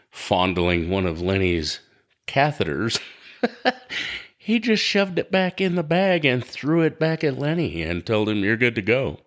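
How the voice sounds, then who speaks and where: A man hosting a podcast, telling profane stories and laughing often as he goes. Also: mid-range voice. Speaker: podcast host. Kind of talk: casual storytelling.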